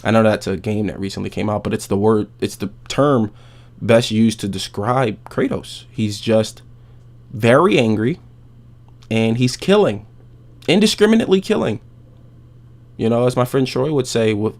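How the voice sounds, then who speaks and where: A man hosting a podcast, recapping a game's story in a casual, profane, animated way. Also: mid-range voice, creaky. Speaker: podcast host.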